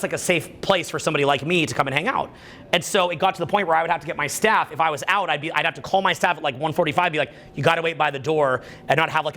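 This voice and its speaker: A man coaches on social confidence in a loose, rambling style, sprinkling "like" and "right?" through every thought. His voice is bright and forward, sitting a little above the usual male pitch, and his manner stays animated. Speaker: dating and social skills coach. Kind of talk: casual motivational talk.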